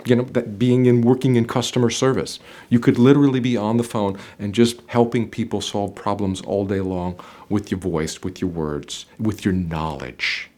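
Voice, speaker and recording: A man talking as a job interview coach, giving advice to camera in an emphatic way, with sudden loud stresses and quiet drops, often repeating phrases. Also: on the low side. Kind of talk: direct-to-camera advice talk.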